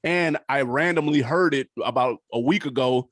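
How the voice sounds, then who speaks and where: A man co-hosts a casual hip-hop podcast in a laid-back, candid way, with frequent fillers. His voice sits at an ordinary middle pitch. The sound is dry and close. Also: moderate pace, no echo. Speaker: podcast co-host.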